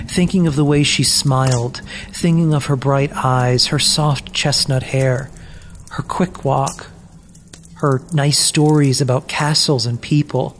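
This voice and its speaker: A storyteller reading a children's story aloud in a slow, measured, gentle way with long pauses. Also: medium pitch, slight background noise. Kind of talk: scripted narration of a children's story.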